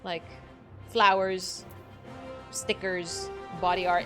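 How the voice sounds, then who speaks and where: A woman's voice: lowish voice, normal speed, over music. A young woman streaming a game, chatting casually with valley-girl phrasing, frequent "like" and "literally," and the odd swear word. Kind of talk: casual gaming livestream chat.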